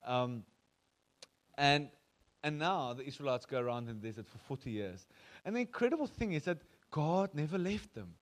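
A South African man preaching in a casual, animated sermon. His voice sits a little high for a man, and he slips into quoted voices as he tells the story. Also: brisk. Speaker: pastor.

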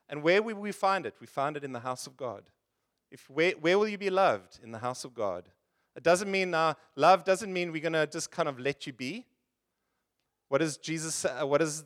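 Earnest man preaching a sermon. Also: a little high. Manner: earnest, conversational preaching with rhetorical questions. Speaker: pastor.

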